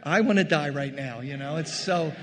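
A man preaching a sermon, animated, acting out quoted voices and rising to loud bursts. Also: fairly high pitch, normal speed, big-room sound, noisy background. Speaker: pastor.

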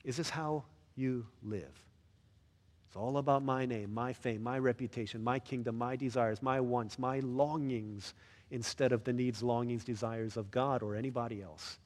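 In a church with a long reverb tail, a male pastor with a mid-range voice preaches at a moderate pace. His sermon is conversational and animated, and he often asks the listeners questions.

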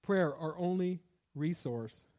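A male pastor with a notably high voice preaches with passion. He slips in and out of heartfelt prayer while he reads scripture and urges his listeners on. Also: takes it slowly, mellow. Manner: impassioned preaching, rising into prayer. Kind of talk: sermon.

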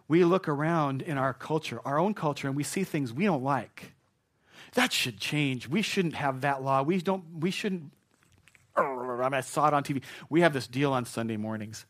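A man preaching a sermon in a conversational way, dropping to a hush and rising to loud asides. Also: mid-range voice. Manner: conversational preaching, swings from hushed to shouted asides. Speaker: pastor.

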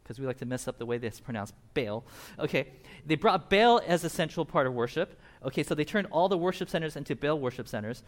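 Man, pastor, lively storytelling sermon, fairly high voice, acts out the characters. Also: a little fast, few pauses. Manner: animated, acts out quotes in changing voices, laughs often.

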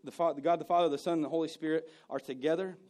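A man preaching a sermon, telling personal stories and moving between loud bursts and hushed moments. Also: on the high side, fairly even intonation, very fast. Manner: storytelling, swings from loud to hushed. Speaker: pastor.

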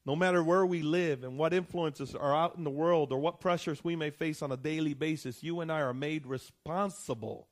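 A pastor delivering a sermon speaks in a register slightly higher than most men's, at a moderate pace with few pauses. He addresses the congregation conversationally, often asking "right?", restarting, and circling back to repeat his points. At times he presses a line harder, building to emphatic peaks.

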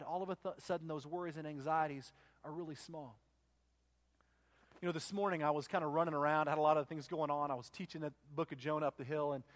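Storytelling pastor, fairly high voice. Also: male voice. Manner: conversational, restarts and quotes himself. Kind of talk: sermon storytelling. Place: church.

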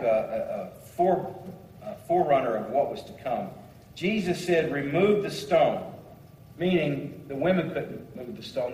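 A man's voice: a little high, a little mellow, slight background noise. A man preaching a sermon, reading scripture aloud and commenting on it with shifting emphasis. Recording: echoey hall, voice from far off.

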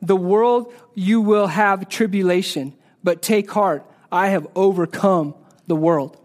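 A man preaching a sermon in a church, earnest, often repeating words and dropping soft and low on key phrases. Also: slow pace. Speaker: pastor.

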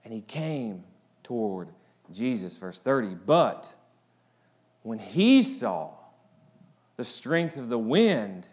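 A man preaching a sermon as pastor, swinging between loud, rising appeals and quiet, low asides. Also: big pitch swings, slow, pauses often.

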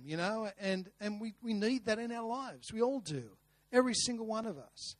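Earnest pastor, dry close sound. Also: male voice, high voice, lively intonation, moderate pace, hardly any pauses, no room sound. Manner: earnest, repeats words, rhetorical questions. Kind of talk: sermon with a told story.

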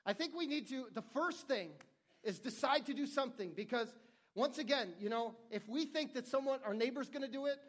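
High-voiced earnest male pastor preaching. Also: a little fast, fairly bright tone. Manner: earnest, conversational preaching with repeated restarts. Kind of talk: sermon.

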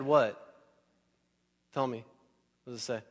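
A male pastor with a middling pitch preaches a sermon in a relaxed, chatty, animated way. He fires questions at the congregation and slips into quick acted-out scenes, his voice carrying through a large church hall with a long trailing reverb.

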